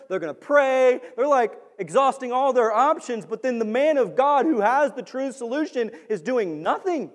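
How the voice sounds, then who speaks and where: An animated male preacher delivering a sermon, his voice pitched high and climbing to near-shouts when he drives a point home. The sound rings with the long reverb of a large hall. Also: normal speed, few pauses.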